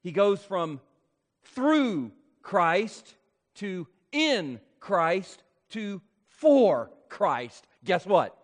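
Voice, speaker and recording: A man preaching an expository sermon as pastor, speaking emphatically and slowing down to stress key points. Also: sits high. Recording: long hall reverb.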